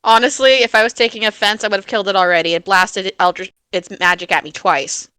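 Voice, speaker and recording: A woman's voice: mid-range voice, steady tone, fast talker, sharp tone, clear, resonant tone, dry recording. A woman playing a tabletop role-play game, exasperated and often laughing. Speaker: player.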